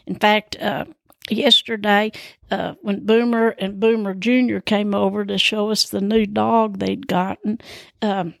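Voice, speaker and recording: A woman's voice: mid-range voice, level tone, unhurried, creaky, no echo, clean studio sound. A woman hosting her own show, telling rambling personal stories in a chatty, meandering, self-deprecating way. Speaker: podcast host.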